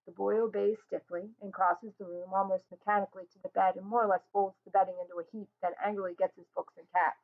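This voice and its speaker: A woman's voice: mid-range voice, little pitch movement, quick pace, creaky, hardly any pauses. Woman reading a play, tinny sound. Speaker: reader. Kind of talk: reading a stage play aloud.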